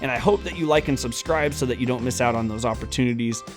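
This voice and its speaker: A man's voice: medium pitch, quick pace, over music. A man hosting a finance channel, giving heated, exasperated reaction commentary with emphatic stresses.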